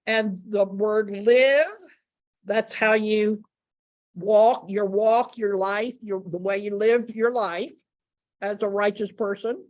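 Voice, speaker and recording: A woman teaching a Bible study lesson, speaking deliberately and repeating key words for emphasis. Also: medium pitch, fairly even intonation, a little mellow, dull audio.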